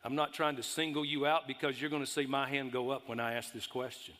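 A man's voice: medium pitch, little pitch movement, fast talker, fairly bright tone. A man with a Texas accent preaching a sermon in a folksy, storytelling way to a church congregation. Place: church sanctuary. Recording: long reverb of a large hall.

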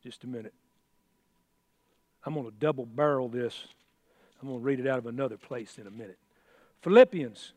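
A man's voice: mid-range voice, expressive, fairly quick, pauses often, darkish tone, no room sound, in a large hall. A man preaching a sermon in a folksy, exclamatory way, with chatty asides. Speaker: pastor.

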